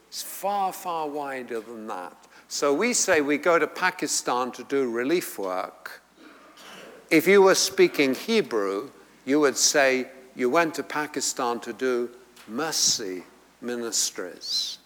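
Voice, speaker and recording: A middle-aged male preacher teaches slowly and deliberately, pausing on fillers and restarting his thoughts. His voice is bright and clear, lifting with emphasis whenever he quotes scripture. The sound carries a long reverb from a large hall. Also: mid-range voice. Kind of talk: sermon teaching.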